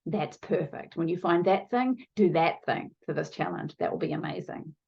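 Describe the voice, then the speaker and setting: A woman's voice: fairly low pitch, lively intonation, moderate pace, gravelly, a little mellow, muffled recording. A woman coaching viewers in a motivational video lesson, talking to them directly and shifting her pace for emphasis. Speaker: online challenge coach.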